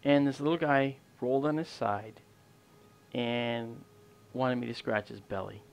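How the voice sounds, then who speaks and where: A man's voice: medium pitch, unhurried, creaky. A man hosting an astronomy livestream, telling a long casual anecdote outdoors at night, rambling with fillers and restarts. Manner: rambling, many fillers and restarts, animated quoted dialogue.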